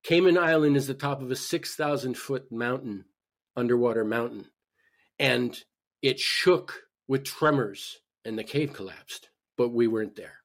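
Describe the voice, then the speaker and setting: A man, a guest on a talk podcast, telling a personal story in an animated way with frequent restarts. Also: mid-range voice, a little slow. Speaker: podcast guest, spiritual healer. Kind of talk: personal story told in conversation.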